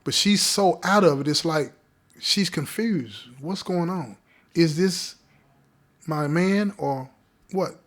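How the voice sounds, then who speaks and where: A man's voice: fairly high pitch, takes it slowly, a bit bright. Slangy man telling a story. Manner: conversational, checks in with listeners; street slang. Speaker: podcast host telling a story. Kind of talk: casual spoken storytelling.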